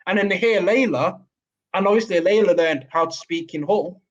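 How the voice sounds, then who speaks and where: A man's voice: high voice, normal speed, muffled recording. A man with a Manchester accent, co-hosting a podcast as a father, telling stories in casual chat and laughing often.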